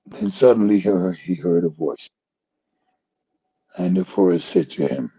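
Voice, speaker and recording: A man's voice: medium pitch, very animated, unhurried, creaky, pauses often, mellow, slightly rough, dull audio. A man hosting a talk show, telling a rambling joke in casual chat and chuckling at his own punchlines. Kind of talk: casual storytelling commentary.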